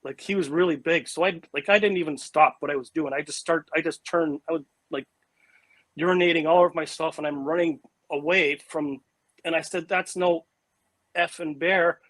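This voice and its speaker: A man in an interview, telling his story in a casual, animated way that is full of fillers and restarts. His voice sits a little high for a man. The sound is close and dry, with no room echo. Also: fairly quick. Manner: animated and vivid, with frequent "like" and "you know" fillers and restarts. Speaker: interview guest recounting an encounter.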